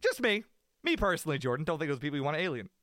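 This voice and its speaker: A man's voice: on the high side, very animated, very fast, fairly bright tone, no room sound, studio quality. A man co-hosting a sports podcast, ranting in a rambling, self-mocking way. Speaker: podcast co-host. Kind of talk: casual sports talk.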